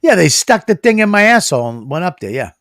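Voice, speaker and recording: A middle-aged man co-hosting a podcast rants crudely, swearing a lot and laughing often, in crude comedic banter. His high, sing-song voice is fast and fairly bright. The audio is studio quality, with no echo.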